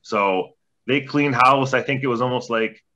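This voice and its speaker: Ex-athlete, male, 40s, relaxed profane storyteller with a bright tone, recorded on dull lo-fi audio. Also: mid-range voice, moderate pace. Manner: laid-back, heavy swearing, rambling anecdotes. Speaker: podcast guest, former junior hockey player. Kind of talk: casual storytelling interview.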